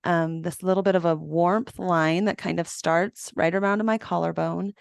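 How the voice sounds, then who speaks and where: A woman in her forties, a podcast guest and trauma embodiment coach, answering slowly and thoughtfully about healing and feeling things in her body. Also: fairly low pitch, fairly even intonation, gravelly, smooth, no echo, studio quality. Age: 40s. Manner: slow, searching, emotional talk about the body. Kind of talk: reflective interview answer.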